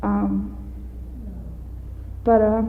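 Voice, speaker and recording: A woman giving a candid, halting personal testimony at a recovery meeting, often breaking into laughter. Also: medium pitch, little pitch movement, a little hiss or hum. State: out of breath. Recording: dull echoey hall recording.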